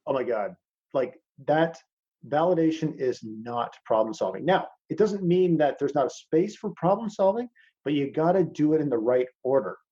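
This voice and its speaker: A man's voice: fairly high pitch, animated, normal speed, warm tone, husky, highs cut off. A man teaching a masterclass in casual talk over a video call. He is blunt, swears freely and calls his listeners "man".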